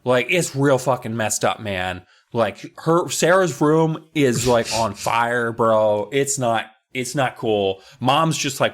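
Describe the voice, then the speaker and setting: A man on a podcast retelling a spooky kids' book as a comic recap. His voice sits at an ordinary pitch, and he swears freely and keeps jumping into quick character voices. The delivery is loose and jokey. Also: animated. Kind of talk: casual comedic recap.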